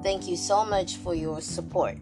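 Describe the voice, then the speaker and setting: A woman's voice: lowish voice, fairly even intonation, unhurried. A woman with a Ghanaian accent hosting her podcast, chatty and bubbly with playful asides. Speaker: podcast host. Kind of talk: casual podcast chat. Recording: music playing behind.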